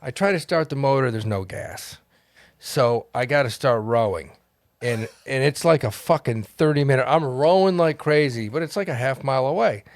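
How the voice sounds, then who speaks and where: A man telling a long story as a podcast guest, animated and profane, laughing as he goes. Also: mid-range voice, moderate pace, no echo, clean studio sound. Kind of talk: casual storytelling. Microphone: studio mic.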